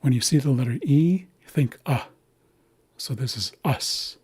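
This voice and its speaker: A man teaching a language lesson, patiently walking through pronunciation and repeating example words slowly. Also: mid-range voice, a little mellow. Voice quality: very breathy, husky. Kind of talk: slow instructional walkthrough.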